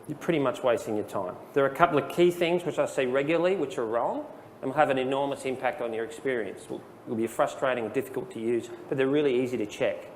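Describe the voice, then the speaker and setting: A man giving a casual, explanatory software training presentation to a live audience in a room. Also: mid-range voice, long reverb tail, a little hiss or hum. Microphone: handheld dictation microphone.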